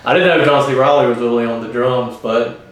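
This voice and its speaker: A man co-hosting a casual movie chat, laid-back and measured, with some fillers. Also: mid-range voice, fairly even intonation, recorded from a distance. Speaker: co-host. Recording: echoey room, off-mic.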